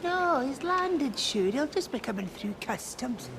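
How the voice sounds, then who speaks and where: A woman's voice: high-pitched, sing-song, measured pace, gravelly, very noisy, heavily acted. An actress playing a gossipy older Scottish woman in a sitcom clip.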